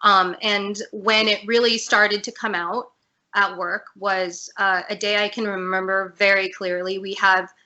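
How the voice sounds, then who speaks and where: A woman speaks as a guest over a video call, her voice bright and clear. She talks openly and earnestly about her own life, at a mid pitch for a woman. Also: flat delivery, a little slow. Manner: earnest, candid, emotional at times. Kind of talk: personal story in an interview.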